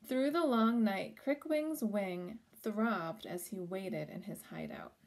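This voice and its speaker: A woman reads a children's picture book aloud at home in a gentle storytelling voice. She pauses now and then to point out the pictures and ask young listeners what they think will happen. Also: medium pitch, animated. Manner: gentle, stops to chat about the pictures.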